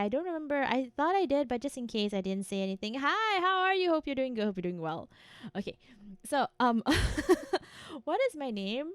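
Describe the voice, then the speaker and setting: A woman's voice: high voice, dry recording. A young woman streamer chatting casually with her viewers, playful and giggly, teasing them in a mock-menacing eldritch persona. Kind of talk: casual live-stream chat with chat.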